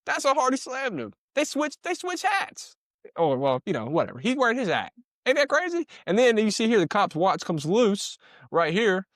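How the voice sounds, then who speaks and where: A man's voice: high voice, huge pitch swings, moderate pace, fairly bright tone, no room sound, studio quality. A man giving casual, slangy commentary on a video, repeating himself and punching in sound-effect words. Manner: slangy, conversational. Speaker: commentator breaking down police footage.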